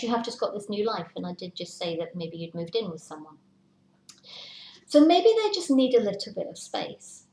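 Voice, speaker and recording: A woman's voice: medium pitch, gravelly, darkish tone. A woman giving a casual tarot reading, chatty, sometimes dropping into a whisper to act out worries. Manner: chatty, acts out worried inner voices in whispers. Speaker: tarot reader. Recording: echoey room, faint hiss.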